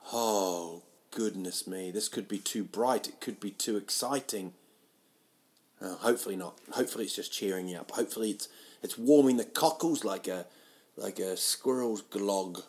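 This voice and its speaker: Guy rambling on his own podcast, kinda low voice, jokey and all over the place. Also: moderate pace. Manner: meandering, self-mocking, jumps between silly tangents and sudden loud bursts. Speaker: podcast host. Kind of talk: rambling solo comedy chat. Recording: home podcast mic, uneven sound.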